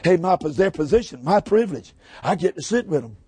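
A man preaching a shouting revival sermon, hollering high, then dropping low. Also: animated, brisk, breathy edge, no room sound. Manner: hollers with rising pitch, then drops low. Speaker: pastor.

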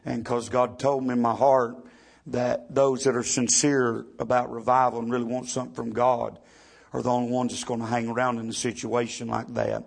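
Gravelly preacher telling a testimony. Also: male voice, medium pitch, little pitch movement, moderate pace. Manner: testimony peppered with constant "amen". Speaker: pastor. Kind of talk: storytelling sermon.

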